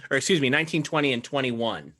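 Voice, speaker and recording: A man's voice: medium pitch, animated, quick pace, bright, forceful tone, no echo. A man narrating and running a tabletop game as dungeon master, friendly and describing each scene step by step.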